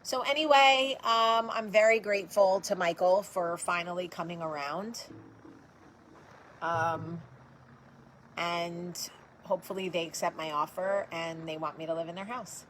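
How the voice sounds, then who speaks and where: A woman's voice: lowish voice, steady tone, a little slow, a bit bright, a little hiss or hum, low-quality recording. Blunt, chatty woman in her forties. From New Jersey. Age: 40s. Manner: talks straight to viewers and answers their comments. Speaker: host of a live video show. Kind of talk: casual live-stream chat.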